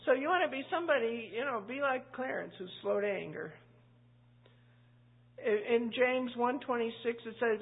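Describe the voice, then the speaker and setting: A woman's voice: on the high side, lively intonation, moderate pace, vocal fry, breathy edge. A woman pastor teaching a Bible study in a chatty, anecdotal way, full of asides. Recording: tinny phone-like line.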